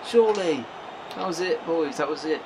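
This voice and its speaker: A man giving live gameplay commentary, excitable and swearing often, bursting into loud shouts at the game. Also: medium pitch, moderate pace, slight background noise. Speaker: gaming video creator.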